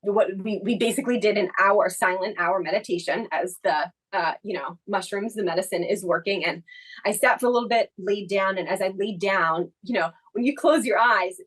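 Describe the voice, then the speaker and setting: A woman's voice: mid-range voice, moderate pace, poor audio. A woman co-hosting a podcast, telling a personal story in casual chat, reflective and full of the filler "like". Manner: reflective, leans heavily on the filler "like". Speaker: podcast co-host.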